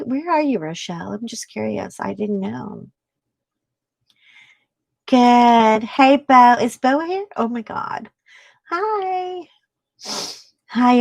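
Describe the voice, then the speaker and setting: Slow-talking, chatty woman livestream host. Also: fairly high pitch, dry recording. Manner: chatty, excitable, answers viewer comments; frequent gasps and "oh my God" exclamations. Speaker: craft live-stream host. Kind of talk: casual live-stream chat.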